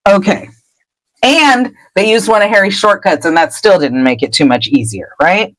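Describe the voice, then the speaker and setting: Woman podcast host, casual animated recap, dry close mic. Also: medium pitch, moderate pace, no room sound, low-quality recording. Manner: animated, laughing storyteller. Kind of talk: casual chapter recap with acted voices.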